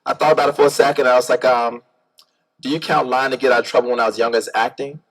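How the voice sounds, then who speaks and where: A man in a casual studio interview, talking about his acting and film work. He tells stories with energy and slips into the voices of the people he quotes. His pitch sits in the middle for a man. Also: fast. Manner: animated storyteller, acts out quotes. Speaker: interview guest, actor and filmmaker.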